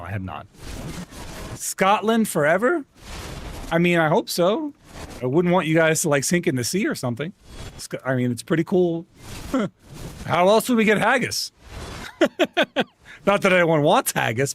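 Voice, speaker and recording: A man's voice: a little high, a little hiss or hum. A man streaming games, chatting casually with his viewers, rambling and laughing often. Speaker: gaming streamer. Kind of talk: casual livestream chat.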